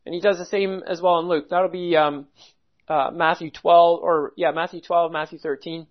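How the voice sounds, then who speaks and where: A preacher teaching through a passage at a measured pace, breaking down each word and posing rhetorical questions. The voice sits in a middle pitch. The recording is dull and slightly muffled, with little high end. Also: fairly even intonation. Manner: methodical, explains word by word, asks rhetorical questions. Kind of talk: expository Bible teaching sermon.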